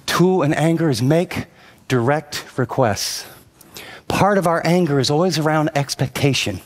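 Pastor preaching a sermon, higher-pitched man. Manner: storytelling, then urgent direct address to the audience; repetitive emphatic phrasing.

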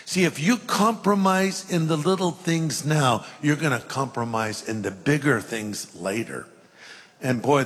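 A man's voice: on the high side, a bit bright. A middle-aged male pastor preaching a sermon, reading scripture aloud and acting out the voices in it. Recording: long hall reverb.

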